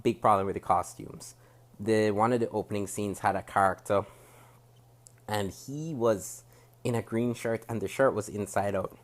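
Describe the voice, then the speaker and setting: A Jamaican man with a fairly low voice gives a spoken review straight to camera. His delivery is critical and measured. He breaks off and restarts sentences as he works through his points. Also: steady tone. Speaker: TV show reviewer. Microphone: camera facing the speaker.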